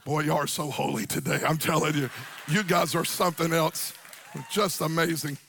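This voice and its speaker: A middle-aged man, preaching a sermon to a church congregation, animated, swinging from quiet storytelling up to near-shouted, sung-out lines. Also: on the high side, normal speed, creaky, a little hiss or hum. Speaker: pastor.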